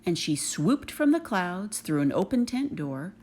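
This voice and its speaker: A woman reading a rhyming children's picture book aloud, expressive and rhythmic. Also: fairly low pitch, a little slow. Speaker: reader.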